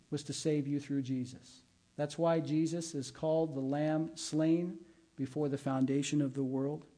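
A middle-aged pastor with a slightly high, somewhat mellow voice preaches in a conversational way, weaving personal stories into his sermon.

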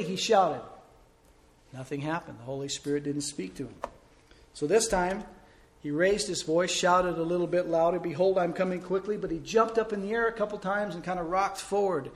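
A man preaching a sermon as a pastor, telling a story with big swings between loud emphasis and soft, slow pauses. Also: fairly high pitch.

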